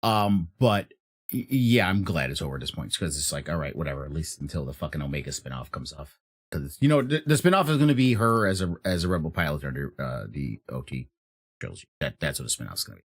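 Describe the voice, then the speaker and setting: A man's voice: rumbling low, very animated, fast, slightly rough. A man co-hosting a casual podcast, blunt and sarcastic, swearing freely. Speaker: podcast co-host.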